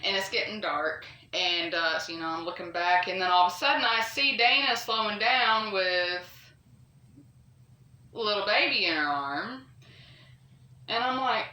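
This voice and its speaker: A woman's voice: mid-range voice, animated, measured pace, pushed and bright. A woman casually telling a true ghost story, chatty and rambling with lots of asides and fillers. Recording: echoey room, voice a bit far from the mic.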